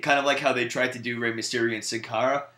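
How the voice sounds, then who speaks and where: A man's voice: mid-range voice, fairly even intonation, fast, bright, forceful tone, echoey room. A man co-hosting a podcast in casual chat, earnest and curious as he weighs rumors and pokes at his co-host.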